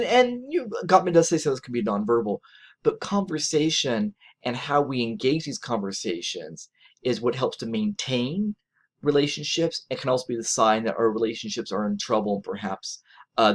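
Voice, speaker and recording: Guy lecturing, chatty and animated, voice jumps all over, keeps saying right?. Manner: animated, conversational, acts out quotes in a higher voice; frequent "right?" tag questions. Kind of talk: recorded lecture.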